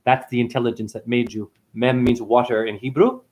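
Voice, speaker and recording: A man ranting on a spiritual livestream, cursing freely and jumping between loud high outbursts and low mutters. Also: fairly even intonation, a little fast. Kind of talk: rambling spiritual livestream rant.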